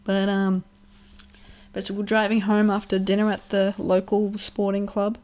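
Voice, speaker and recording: A woman's voice: mid-range voice, monotone, moderate pace, darkish tone. A young woman telling a personal story in a casual vlog, rambling, swearing freely, laughing often and acting out what others said. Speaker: vlogger.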